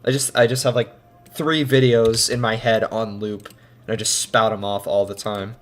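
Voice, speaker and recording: A man streaming himself editing a video, talking to himself in rambling casual chat that breaks into sudden loud outbursts. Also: lowish voice, level tone, normal speed.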